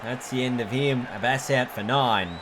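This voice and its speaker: At an everyday middle pitch and normal speed, a man delivers play-by-play commentary on a cricket video game. He chats away, corrects himself, and jumps up excitedly at big moments, while a clear, steady noise and a crowd sound behind him.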